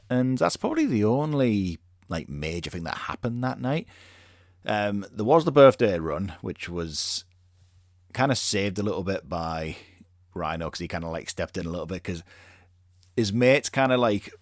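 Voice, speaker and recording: A man's voice: low-pitched, dry recording, clean studio sound. A man hosting a podcast, telling stories in a rambling, laid-back way, full of fillers and the odd swear word. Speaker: podcast host. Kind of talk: casual chat.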